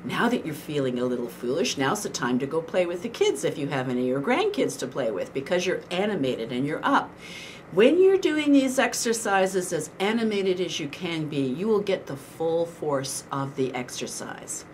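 Animated woman voice coach. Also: low-pitched, normal speed, slight background noise. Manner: animated and encouraging, with instructional asides. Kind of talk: instructional tips to camera.

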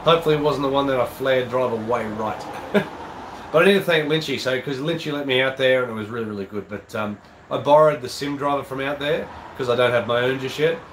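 An Australian man with a mid-pitched voice, nasal and a bit stuffy from a cold, chats loosely through viewer comments with plenty of ums and uhs. He sounds like he's in an echoey indoor room, and an air conditioner hums clearly behind him. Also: fairly quick, fairly bright tone, slight background noise. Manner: casual, chatty, rambling with fillers. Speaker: golf channel host. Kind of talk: live-stream chat reading viewer comments.

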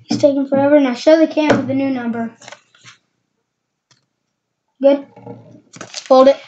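A woman's voice: sits high, fairly even intonation, a little slow, warm tone. A woman casually demonstrating magic tricks in a rambling, hesitant way. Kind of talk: casual how-to tutorial. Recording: dull lo-fi with faint noise.

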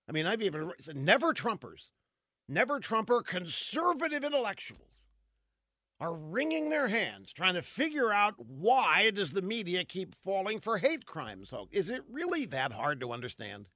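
A man's voice: sits high, big pitch swings, moderate pace, bright, forceful tone, no echo, clean studio sound. A man hosting a talk show, delivering a combative, opinionated monologue full of rhetorical questions. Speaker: radio talk host.

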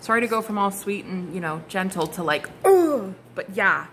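Gushing, bright-voiced woman tarot reader. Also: mid-range voice, sing-song, normal speed, slight background noise. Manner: gushing, exclamatory, swears casually, sings snatches of songs. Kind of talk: casual tarot reading to camera.

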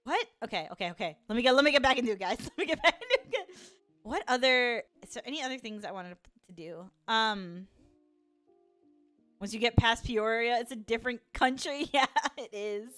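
A woman's voice: on the high side, expressive, fairly quick, a bit bright, dry recording, faint music behind. A young woman with a Chicago accent, casually chatting on a live stream, laughing often and reacting to chat. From Chicago, USA.

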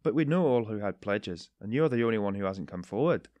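A man's voice: lowish voice, no echo, lo-fi sound, close to an everyday voice. A man doing a cool, ironic detective. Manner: calm, cold, measured. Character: cool, ironic middle-aged male detective.

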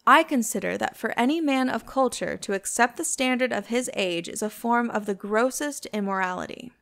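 A woman's voice: a little high, moderate pace, vocal fry, fairly bright tone. Woman reading a languid cynical aristocrat. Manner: languid, epigrammatic.

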